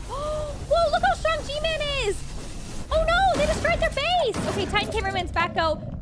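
A woman's voice: very high-pitched, very noisy. A woman hosting a reaction video, gasping, laughing and exclaiming as she comments. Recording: loud music over the voice.

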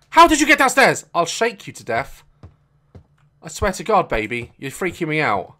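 A young woman on a headset, giving casual gaming commentary with crude jokes, giggles and loud exclamations. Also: on the low side, very animated, normal speed, slight background noise. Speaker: gaming video creator.

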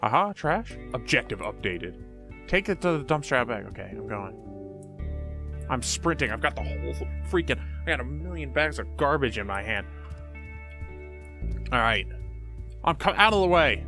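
A man's voice: medium pitch, sing-song, normal speed, long pauses, music in the background. A man commenting on a horror game as he plays, goofy, talking to himself and exclaiming often. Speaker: gamer. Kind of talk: let's play commentary.

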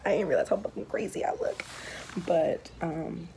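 Speaking at a moderate pace with a lowish voice, huge pitch swings and vocal fry, a young woman rambles and swears freely in a casual vlog. She's talking to the camera on a handheld phone, and there's background noise.

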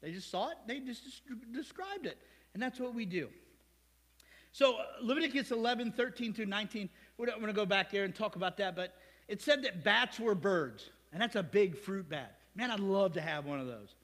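Male pastor, high voice, chatty sermon full of jokes and rhetorical questions, long reverb. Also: expressive, moderate pace, a bit bright. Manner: conversational, joking, rhetorical questions. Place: church sanctuary.

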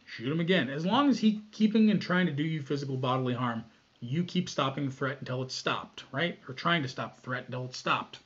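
A man giving a casual, blunt talk on armed self-defense, swearing freely and acting out shouted commands. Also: fairly high pitch, husky. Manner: blunt, profane, acts out scenarios with shouted commands. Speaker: firearms self-defense instructor. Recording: dull lo-fi recording.

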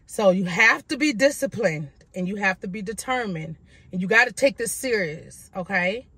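A woman's voice: medium pitch, lively intonation, normal speed, a bit bright, husky, dry recording. A young woman, chatting sassily to viewers at home and calling them girl and baby. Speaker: fitness vlogger. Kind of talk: casual talking-head vlog.

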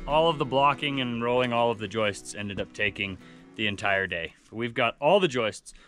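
A man's voice: mid-range voice, moderate pace, fairly bright tone, soft background music. A man hosting a vlog, giving upbeat, matter-of-fact updates in casual narration. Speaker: vlog host.

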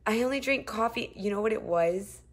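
A young woman streams from her phone in a shared apartment while feeling nauseous. She chats casually with viewers, her voice swinging from sudden loud bursts to low, weary murmurs. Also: fairly quick. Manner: chatty, drifting between loud outbursts and tired murmurs. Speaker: live streamer. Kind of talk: casual live-stream chat reading comments.

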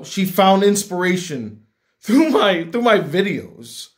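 Man, young adult, slightly high voice, earnest, reflective, repeats words, heartfelt talk to camera. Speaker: YouTube critic.

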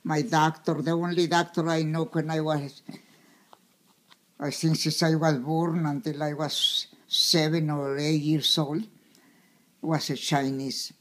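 A woman in her nineties telling a story from her childhood, halting and searching for words with many fillers. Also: sits low, little pitch movement, a little hiss or hum. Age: 90s. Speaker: interviewee. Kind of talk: reminiscing storytelling.

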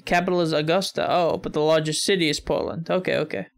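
American male reactor, slightly high gravelly voice, rambling musing commentary. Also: steady tone, quick pace. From United States. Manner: musing aloud, chuckling often, thinking out loud with fillers. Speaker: reaction video host.

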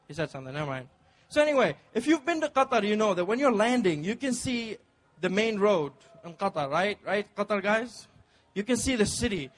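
A man's voice: high voice, a bit bright. A man from Dubai performing a stand-up comedy set with punchy, playful crowd work on a club stage.

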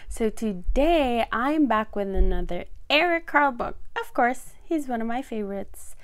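A woman's voice: a little high, lively intonation, moderate pace. A woman hosting a children's story time, reading a picture book aloud and doing the farm animal sounds in a sing-song way.

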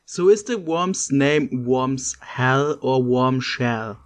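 A man's voice: mid-range voice, slow pace. A man hosting a casual gaming session, reacting with incredulous, laughing, swearing banter to his friends. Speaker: gaming channel host.

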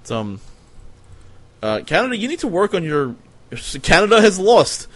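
A man streaming a strategy game, giving casual, profane, sardonic commentary as he thinks out loud. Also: high voice, very animated, normal speed.

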